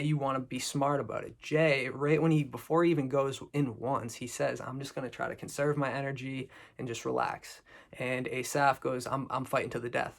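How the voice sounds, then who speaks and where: A man's voice: medium pitch, vocal fry, a bit bright. A man from Boston giving a rambling, profane, joking recap of a reality show episode. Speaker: recap video host. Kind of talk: casual recap commentary.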